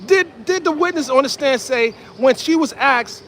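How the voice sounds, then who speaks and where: A man giving excited street commentary outdoors, repeating himself and calling out to viewers as ladies and gentlemen. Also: extremely high pitch, moderate pace, few pauses, a little hiss or hum. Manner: animated, repetitive, addresses viewers as ladies and gentlemen. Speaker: independent commentator.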